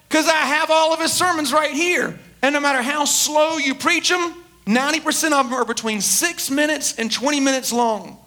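A man's voice: very high voice, sharp tone. A male pastor giving a conversational sermon, emphatic, often repeating words and restarting his sentences.

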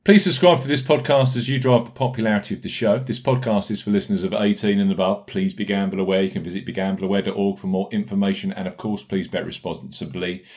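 Brisk, jokey low-voiced male podcast host. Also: steady tone, a little mellow. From United Kingdom. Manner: brisk, jokey, reads out sponsor notes and listener reviews. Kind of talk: casual podcast chat.

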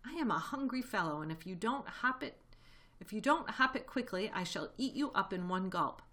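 A woman voicing a clever, smooth-talking male fox with a confident manner. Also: mid-range voice, animated, moderate pace, sharp tone, pitched above the performer's own voice.

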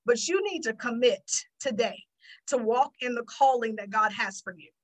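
Female Christian teacher, slightly high pitch, animated sermon delivery. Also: normal speed, poor audio. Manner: animated, acts out her own prayers and God's replies.

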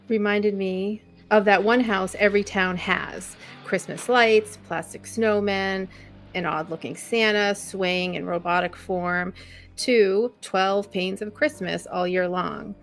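A woman reading a first-person memoir chapter aloud as a podcast co-host. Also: mid-range voice.

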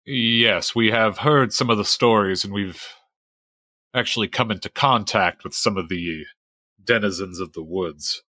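A man's voice: on the low side, measured pace, sharp tone, dry recording, studio quality. A man playing a character in a tabletop game, speaking in a formal, old-fashioned way. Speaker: player. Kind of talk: in-character role-play.

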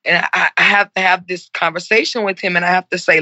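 A woman's voice: lowish voice, fairly even intonation, fast, pushed and bright, dry recording, low-quality recording. A woman in her forties, speaking earnestly and with passion in an interview and repeating herself for emphasis. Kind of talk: heartfelt conversational interview.

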